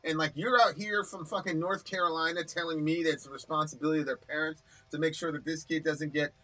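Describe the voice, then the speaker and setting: A man with a bright, sharp-edged voice that sits a little high, co-hosting a live stream. He talks bluntly and swears freely, acting out the voices in his stories. Faint music plays underneath. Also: quick pace. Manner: blunt, profane, animated storytelling. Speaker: co-host of a live reaction stream. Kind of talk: casual heated discussion.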